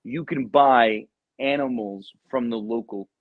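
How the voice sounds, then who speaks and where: A Marine veteran appears as a podcast guest, telling casual, profane stories full of ums. His voice is medium-pitched and a little slow, and the recording sounds dull, dry, and lo-fi.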